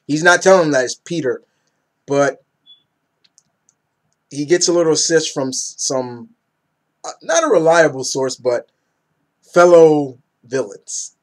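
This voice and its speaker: A young man in a casual, rambling comic book review who gets excited and acts out characters' lines. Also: fairly high pitch, a little slow, long pauses.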